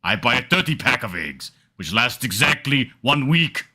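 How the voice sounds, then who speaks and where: A hulking, musclebound man with a thick Austrian German accent, as a man puts him on, speaking in slow, heavy, deliberate phrases. The voice is bright and lively in pitch. It is a comic impression in casual podcast banter. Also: full character voice. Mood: deadpan bragging.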